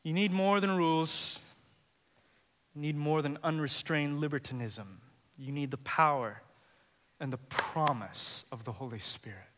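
High, bright-voiced preacher man in a hall. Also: measured pace, slight background noise. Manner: emphatic, rising in intensity. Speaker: pastor. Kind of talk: sermon.

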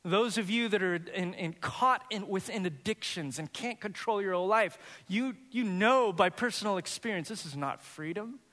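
A man preaching a sermon as pastor, earnest and building to animated, high-pitched emphasis. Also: normal speed, few pauses, long reverb tail.

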